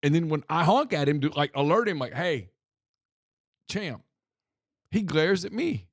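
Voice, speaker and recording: A man's voice: a little fast, gravelly, no echo, clean studio sound. A male co-host in a casual chat, acting out the exchanges in his stories. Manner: animated, acts out quoted exchanges with rising pitch.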